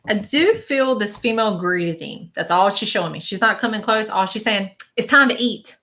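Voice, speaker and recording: Woman doing a psychic reading live, bright voice, repeats stuff, says okay a lot. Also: mid-range voice, lively intonation, moderate pace. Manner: chatty, repeats phrases, relays messages as quotes; reassuring, keeps checking in with "okay?". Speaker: spiritual medium hosting a live stream.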